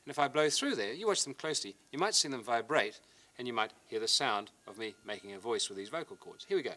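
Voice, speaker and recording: A man's voice: mid-range voice, fast, noisy background. A middle-aged man presenting a science lesson, explaining and demonstrating with a model as he talks. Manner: lively, hands-on demonstrator.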